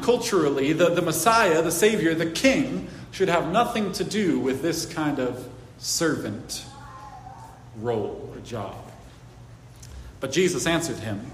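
A man preaching a sermon as pastor, casual and animated in his storytelling, often restarting his words. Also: a little high. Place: church hall. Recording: echoey hall, faint background hiss.

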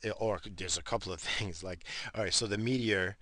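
A man's voice: fairly low pitch, fairly quick, a bit bright, no echo. A man talking in a casual, rambling monologue, swearing freely and laughing at his own asides.

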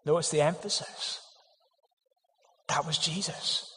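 A man delivers an earnest, emphatic sermon in a slightly high voice. His words ring out with a long reverb, as if in a large hall. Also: slow, sharp tone. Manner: earnest, emphatic preaching with rhetorical questions. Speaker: pastor.

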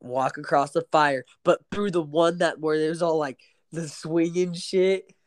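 A young man co-hosting a laid-back podcast, thinking out loud with stumbles and restarts and ending nearly every line with "bro". His voice sits slightly high for a man and sounds dry and close. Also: fairly even intonation, a little slow, no room sound. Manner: hesitant, restarts, says bro a lot, laughs. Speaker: podcast co-host. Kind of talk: casual podcast banter.

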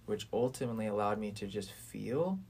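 A man in his twenties with a fairly low voice talks earnestly in a casual podcast chat. He rambles from thought to thought and swears freely. A faint hiss of noise sits under the recording. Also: expressive, brisk, vocal fry, a little mellow.

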